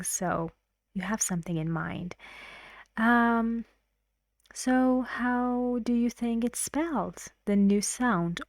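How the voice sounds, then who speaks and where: Woman teacher modeling intonation, very slow and careful, dry close sound. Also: mid-range voice, darkish tone, no room sound. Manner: slow, deliberate, repeats words to model intonation; encouraging. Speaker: English pronunciation teacher. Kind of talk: online pronunciation lesson.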